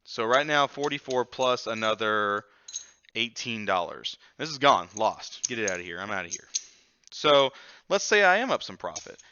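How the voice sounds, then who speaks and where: A man hosting a craps strategy video, talking through his bets roll by roll in a jokey, excitable way with sudden loud exclamations. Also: lowish voice, moderate pace, dull audio, a little hiss or hum. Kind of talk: live play-by-play craps tutorial.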